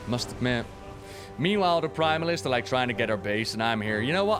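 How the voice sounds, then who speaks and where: A man's voice: mid-range voice, expressive, a little fast, over music. A man streaming a video game, chatting casually about its lore with jokes and casual swearing. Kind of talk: casual lore commentary while playing.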